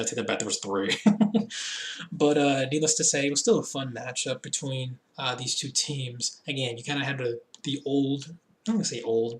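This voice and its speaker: A man's voice: mid-range voice, a bit bright. A man casually reviewing a show, rambling with lots of fillers and laughing at his own slips, sounding a bit tipsy. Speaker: wrestling reviewer. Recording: echoey room.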